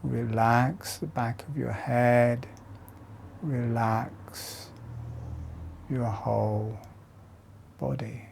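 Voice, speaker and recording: A man slowly guiding a breathing meditation with soft, calm instructions and long pauses. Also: mid-range voice, creaky, slight background noise. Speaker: breathwork teacher. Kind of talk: guided meditation.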